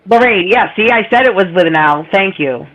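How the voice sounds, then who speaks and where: A woman's voice: mid-range voice, lively intonation, a little fast, a bit bright, dull audio. A woman with a nasal voice, hosting a live stream in casual, teasing chat. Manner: chatty, teasing, laughs often.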